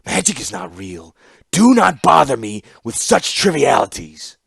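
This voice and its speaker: A man voicing a stern, commanding older warlord who speaks grimly and forcefully. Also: mid-range voice, big pitch swings, vocal fry, breathy edge, no echo, pitched above the performer's own voice, heavily acted. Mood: scornful. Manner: grim, slow and forceful.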